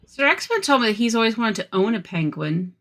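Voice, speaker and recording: A woman's voice: fairly high pitch, very animated, fairly quick, fairly bright tone. A woman co-hosting a podcast in casual chat, telling stories in a gushing, giggly way. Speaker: podcast co-host.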